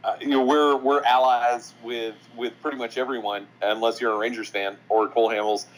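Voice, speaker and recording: A man's voice: medium pitch, flat delivery, brisk, poor audio. A man co-hosting a casual sports podcast, often laughing and tossing in sarcastic asides. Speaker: podcast co-host.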